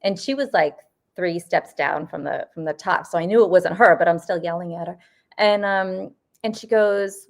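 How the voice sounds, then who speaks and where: A woman in her fifties from the US Northeast, a paranormal investigator, tells stories in a casual interview. Her voice is on the low side and creaky, and she rambles with lots of "you know" and "like," laughing quickly and often.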